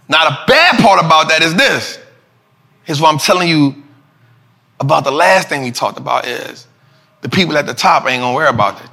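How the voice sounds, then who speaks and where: A man hosting a casual finance talk show, animated and preachy, full of slang and repeating lines for emphasis. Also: on the high side. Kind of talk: casual market commentary.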